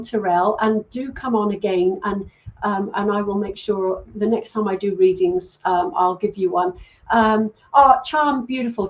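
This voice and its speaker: A woman's voice: mid-range voice, dull audio. A middle-aged British woman raised in Wales, a medium hosting a casual livestream and reading out viewer comments with many ums. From UK, born in England, grew up in Wales. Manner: chatty, warm thanks, frequent ums. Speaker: host, psychic medium reading live comments.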